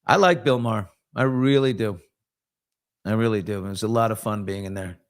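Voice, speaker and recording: A man's voice: fairly low pitch, fairly quick. A middle-aged man hosting a casual live chat show, joking and telling loose, rambling anecdotes full of asides. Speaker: host.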